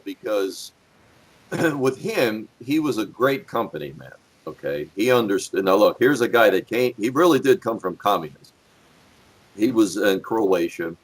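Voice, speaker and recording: A man's voice: lowish voice, slightly rough. A middle-aged man, a former police officer, telling blunt, profane stories as a podcast guest. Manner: animated storyteller, blunt and profane. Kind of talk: casual podcast storytelling.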